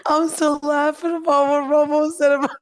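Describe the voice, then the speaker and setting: A woman's voice: high voice, little pitch movement, normal speed. A woman in a casual group chat, talking bluntly, swearing casually and laughing easily.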